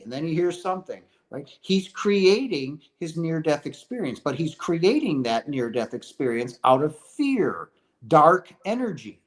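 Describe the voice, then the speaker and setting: A man's voice: fairly high pitch, sing-song, a little slow. A middle-aged man giving an earnest, preachy spiritual talk to his viewers, often repeating phrases and asking "right?". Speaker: host of a chat stream.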